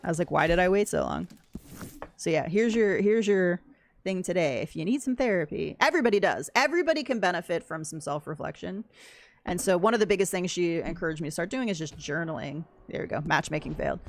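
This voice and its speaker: Low-voiced woman streamer chatting candidly. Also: a little hiss or hum. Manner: rambling, candid, soft-spoken. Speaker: game streamer. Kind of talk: casual livestream chat while gaming.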